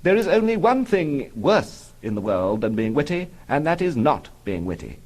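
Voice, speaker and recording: A man's voice: on the high side, very animated, normal speed, darkish tone, voice pushed up. A man voicing a smug Victorian painter trading witty ripostes. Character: smug rival Victorian painter, sharp wit.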